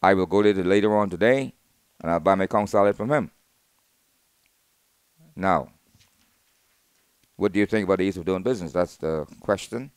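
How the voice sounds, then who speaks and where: Animated Bahamian male talk host. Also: moderate pace, long pauses, smooth, no room sound. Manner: animated, swings from low asides to loud outbursts. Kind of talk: opinionated talk radio monologue.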